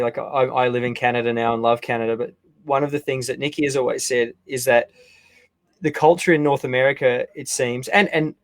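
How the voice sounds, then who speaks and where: A man hosting a casual interview, enthusiastic and repeating words as he thinks. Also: medium pitch. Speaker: host.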